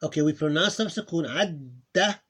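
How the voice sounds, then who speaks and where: Give me a hoarse man teaching a lesson, halting and repetitive, with an ordinary mid-pitched voice. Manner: halting, repeats words, drills sounds slowly. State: losing his voice, clears throat. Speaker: Arabic teacher. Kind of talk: live online lesson.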